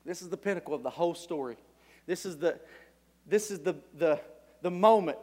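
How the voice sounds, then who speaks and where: A man preaching a sermon, telling a story with animated energy, breaking into shouts and chuckling often. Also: on the high side, brisk. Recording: long hall reverb.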